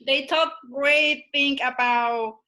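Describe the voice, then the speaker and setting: Slow-speaking woman from Honduras. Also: high voice, fairly even intonation, pushed and bright. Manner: slow, careful delivery. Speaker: club speaker. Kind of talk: prepared personal speech. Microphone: computer mic on video call.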